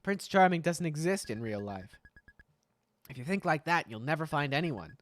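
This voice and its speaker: A woman voicing a stern, disapproving parent who lectures in a lower voice, read from a game. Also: animated, moderate pace, dry recording, studio quality. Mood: scolding. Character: stern, scolding traditional parent.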